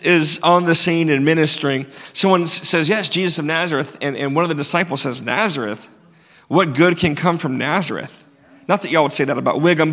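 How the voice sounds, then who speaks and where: Pastor joking through a sermon. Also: male voice, fairly high pitch, bright, forceful tone. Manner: conversational, joking with the congregation, many rhetorical questions. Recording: long hall reverb.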